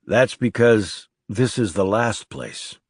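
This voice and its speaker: A man voicing a tense, guarded male government assassin in an audiobook, calm and firm. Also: on the low side, slow, no room sound, studio quality.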